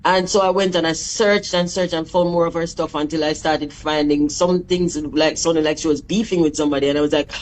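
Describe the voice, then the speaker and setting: A woman's voice: low-pitched, steady tone, fairly quick, hardly any pauses, slight background noise, rough recording. A middle-aged woman with a Jamaican accent speaks frankly and emphatically as an interview guest. Her talk is emotional and direct, with no sugarcoating. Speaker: guest artist. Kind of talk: candid interview on a call.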